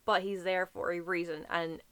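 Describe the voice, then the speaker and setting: A woman's voice: on the low side, flat delivery, normal speed, fairly bright tone, smooth, no echo. A woman reviewing the books she read this month in a casual, effusive chat, swearing now and then. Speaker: book reviewer. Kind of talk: casual monthly book wrap-up.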